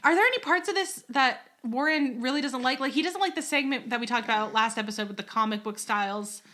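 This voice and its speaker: A woman in her thirties co-hosting a casual podcast, talking in animated, exasperated rants and laughing often, with a baby in her arms. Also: on the high side, fast. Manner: holding a teething baby while talking. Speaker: podcast co-host.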